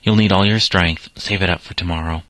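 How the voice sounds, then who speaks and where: A man reading the lines of a kind, calm doctor's wife, in a plain read-aloud voice. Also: low-pitched, a little fast, poor audio. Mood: gentle.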